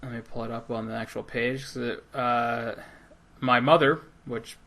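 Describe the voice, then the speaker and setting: Bright, crude American guy bantering. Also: medium pitch, little pitch movement, moderate pace, gravelly. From United States. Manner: crude, profane, teasing. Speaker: podcast co-host. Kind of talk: casual podcast banter.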